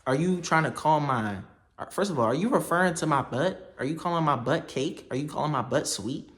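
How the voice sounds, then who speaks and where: A young man telling a story to the camera, animated and slangy, laughing often. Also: on the high side, a little fast. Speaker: vlogger.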